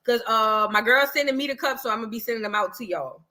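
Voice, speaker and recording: Sassy high-voiced woman livestream host. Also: fast, pushed and bright. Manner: chatty, sassy, calls viewers girl and boo. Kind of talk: casual livestream chat reading super chats.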